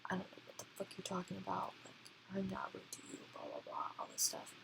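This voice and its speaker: A woman mocking a rude, dismissive young man who swears a lot, in a scornful, rushed delivery. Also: mid-range voice, huge pitch swings, creaky, noisy background, full character voice.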